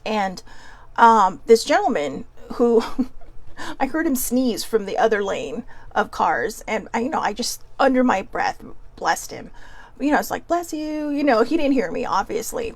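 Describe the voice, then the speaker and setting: A woman's voice: on the high side, no echo. A woman hosting her own show, talking casually and telling everyday stories, acting out what people said. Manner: chatty, storytelling, acting out quotes. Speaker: show host. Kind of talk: motivational casual monologue.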